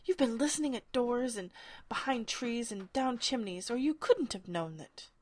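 A woman voicing a pompous, touchy egg-shaped man in a storybook reading, loud, huffy and boastful. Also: medium pitch, very animated, measured pace.

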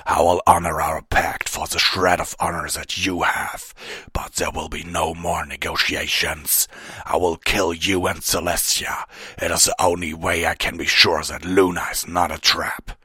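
A huge wolf king with a growling, menacing voice, deep and low, as a man puts him on. His speech stays dry and close, commanding and snarling, like a villain in an audiobook. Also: level tone, unhurried, bright, forceful tone, husky, no room sound, heavily acted. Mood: enraged.

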